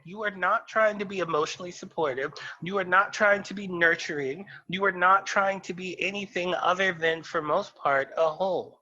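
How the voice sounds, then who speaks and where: A man's voice: high voice, pushed and bright, lo-fi sound. A man co-hosting a casual podcast chat, ranting in a sassy, emphatic way. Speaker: podcast co-host.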